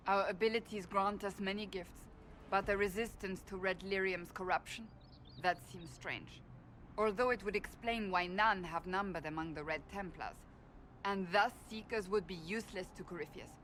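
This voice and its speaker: A woman's voice: medium pitch, moderate pace, a bit bright, a little hiss or hum, natural voice. An actress playing a proud, stern woman warrior who speaks in a firm, commanding way. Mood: grave. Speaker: warrior companion. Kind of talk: video game voice acting.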